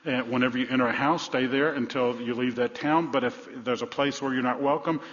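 A man preaching a sermon as pastor, repeating phrases for emphasis and dropping from loud to hushed. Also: medium pitch, fairly even intonation, brisk. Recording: reverberant hall, dull sound.

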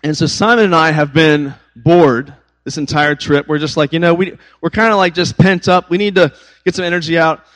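Upbeat, slightly high-voiced young man teaching. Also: brisk, a bit bright, poor audio. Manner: conversational, storytelling, uses filler words. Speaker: youth pastor. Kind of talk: casual Bible teaching.

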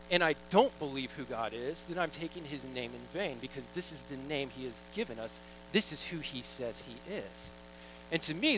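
A man's voice: medium pitch, fairly bright tone, slight background noise, low-quality recording. A young man preaching a sermon in a casual, joking, storytelling way, reading scripture and acting out little quoted asides. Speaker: pastor.

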